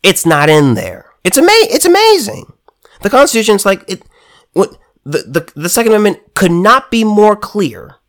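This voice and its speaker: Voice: mid-range voice, big pitch swings, moderate pace, fairly bright tone. A political commentator delivering a heated monologue, emphatic and sarcastic, often stumbling and restarting words.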